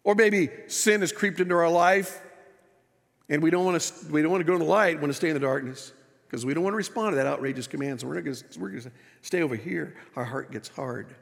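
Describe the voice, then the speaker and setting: A male pastor preaching a sermon with animated delivery, his voice rising and falling, with wry asides to the congregation. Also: on the high side, fast talker, vocal fry, long reverb tail. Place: church sanctuary.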